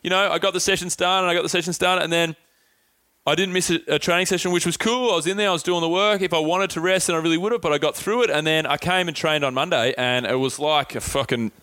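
A man's voice: a little high, quick pace, pushed and bright, no room sound. An Australian man hosting a podcast in a casual, easygoing way, swearing now and then. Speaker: podcast host.

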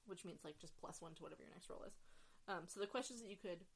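A woman's voice: lowish voice, fast, breathy edge. A woman narrating as game master of a tabletop game, rambling and full of fillers as she explains the rules.

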